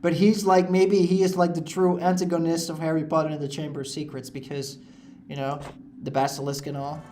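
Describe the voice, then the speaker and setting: A man's voice: fairly high pitch, flat delivery, fairly quick, darkish tone, a little hiss or hum. A man giving casual, rambling commentary over a video game playthrough, filling his sentences with "like" and "uh". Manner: rambling, lots of "like" and "uh" fillers. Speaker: let's play host.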